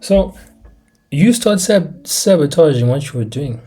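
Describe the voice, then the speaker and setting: A young man from Africa delivering a casual, animated monologue on a laptop mic, asking rhetorical questions and dropping into slang. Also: on the high side, a little slow, husky, soft background music. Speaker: commentator.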